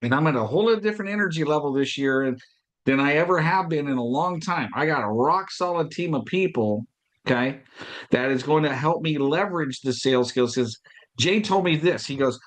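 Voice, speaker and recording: A man's voice: mid-range voice, a little fast. A man hosting a podcast, giving an emphatic motivational talk on sales, repeating key points and acting out past conversations. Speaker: podcast host and business coach.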